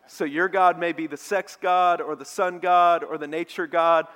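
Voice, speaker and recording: A man preaching a sermon as a pastor, telling a story with animated energy. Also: fairly high pitch, normal speed, hardly any pauses. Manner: animated storytelling preacher, mocking shouts in quoted lines. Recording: long hall reverb.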